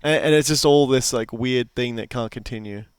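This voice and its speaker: A young man with a smooth, mid-range voice jokes around as a podcast co-host in casual chat. He speaks at a moderate pace, and the recording is clean studio sound with no room noise.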